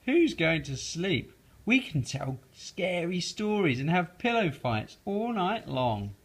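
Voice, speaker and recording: A man's voice: very animated, takes it slowly, husky, exaggerated voice. A man doing a cheeky young boy. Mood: teasing. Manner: bold, teasing, high. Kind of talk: storybook read-aloud.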